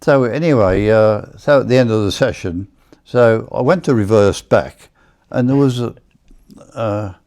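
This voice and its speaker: A man's voice: fairly low pitch, unhurried, darkish tone. An older English man, a former racing driver, telling rambling anecdotes in casual chat and acting out other people's voices. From England.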